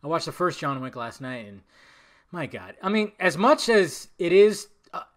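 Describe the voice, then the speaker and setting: A man hosting his own podcast, talking casually in a rambling, profane way with big swings in loudness. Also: on the high side, sing-song, normal speed. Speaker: podcast host. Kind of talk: casual solo podcast chat.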